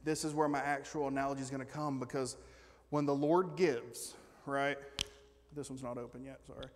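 A male pastor preaching a lively sermon. He shifts from loud, excited bragging about God to quiet, joking asides with the congregation. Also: mid-range voice, moderate pace, slight background noise. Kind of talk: energetic sermon. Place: church sanctuary. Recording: long church reverb.

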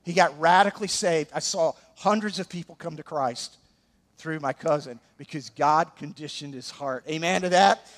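Preaching with animation, this Alabama-accented pastor slips joking remarks to the congregation between points. He speaks at normal speed, his voice on the high side.

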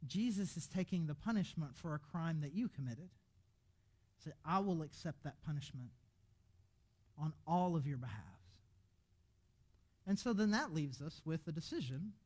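A man preaching a sermon as pastor in a church, animated and conversational, restarting his words often. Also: a little high, normal speed, pauses often. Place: church auditorium.

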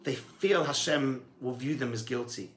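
Animated rabbi with a bright voice. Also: male voice, mid-range voice, moderate pace. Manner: animated storytelling, shifting between hushed and emphatic. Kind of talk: sermon.

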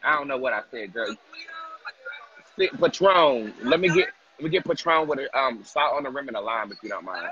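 Sassy man with a lively, bright voice. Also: medium pitch, fast, lo-fi sound. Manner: sassy, profane, playful banter. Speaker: livestream host. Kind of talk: casual livestream eating chat. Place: restaurant.

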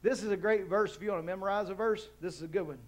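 A man's voice: high voice, rapid-fire. A man preaching a sermon as pastor in a church, rising into emphatic call-and-response with the congregation. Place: church hall.

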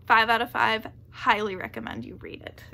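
A woman's voice: fairly high pitch, fairly even intonation, moderate pace, gravelly, sharp tone, slight background noise. A woman chatting casually on her book vlog, rambling and gushing, laughing often and packing her talk with "like.". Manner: rambling and gushing, heavy with "like" fillers; laughs often mid-sentence. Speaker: book vlogger.

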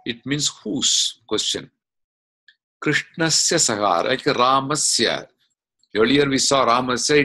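A man teaching an online class, explaining slowly step by step and asking questions as he goes. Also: medium pitch, pushed and bright, slightly rough. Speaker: Sanskrit teacher. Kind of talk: online lesson. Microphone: video call.

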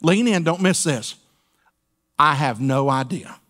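Preaching from the sanctuary, this senior pastor speaks with a fairly high, fairly bright voice that's animated yet a little slow. He keeps things folksy and playful, trading call-and-response lines with his congregation.

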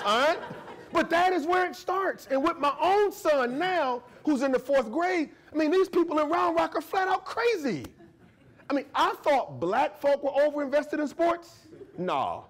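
Man, professor, live lecture, high-pitched, very animated, humorous, conversational. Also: a little slow. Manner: animated, joking, often checks in with the audience. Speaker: history professor giving a guest lecture. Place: university lecture to a live audience.

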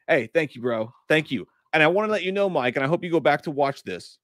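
A man's voice: fairly high pitch, animated, fast talker, few pauses, fairly bright tone, no echo, studio quality. A man in his thirties or forties chatting loosely on a live stream, joking and swearing as he reads out viewer messages. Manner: profane, rambling, jokey. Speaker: podcast co-host reading live chat. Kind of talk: casual live-stream chat.

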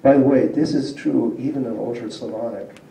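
A man's voice: mid-range voice, brisk, gravelly, mellow, slight background noise. A man giving a public linguistics lecture to a community audience, explaining patiently and asking the room questions. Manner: explanatory, asks the audience questions, chuckles often. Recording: roomy hall picked up from a distance.

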